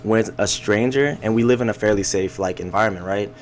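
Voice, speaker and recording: Young podcast dude, lowish voice, chill slangy storytelling, bit of hiss behind. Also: male voice, quick pace. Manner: laid-back storytelling, heavy slang and swearing. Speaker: podcast co-host. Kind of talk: casual chat.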